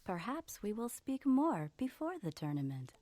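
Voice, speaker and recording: A woman voicing a calm, mysterious female wizard from a distant land in a video game, formal and composed. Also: medium pitch, normal speed, noisy background, natural voice. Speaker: game character. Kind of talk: video game character dialogue.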